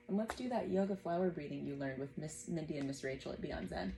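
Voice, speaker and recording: A woman in her thirties teaching a gentle yoga class at home, guiding breaths patiently and encouragingly. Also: sits low, quick pace, vocal fry, slight background noise.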